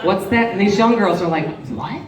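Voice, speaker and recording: A woman's voice: mid-range voice, a little fast. A woman in her fifties from Wisconsin performing a bawdy stand-up comedy set, talking brashly and conspiratorially to the audience. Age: 50s. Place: reception hall, live show. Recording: echoey hall, distant mic, loud crowd laughter and noise. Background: audience laughing.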